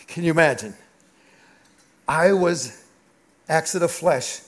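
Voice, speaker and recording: Man, high voice, pastor, sermon, animated storytelling, confessional. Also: takes it slowly.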